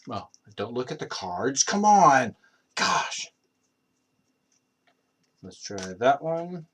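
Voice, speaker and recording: Casual male streamer, young, rambling talk with frequent fillers, average pitch. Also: big pitch swings, very slow, long pauses, slight background noise. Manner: rambling, many fillers and restarts. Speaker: streamer practicing accents. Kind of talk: casual live-stream chat.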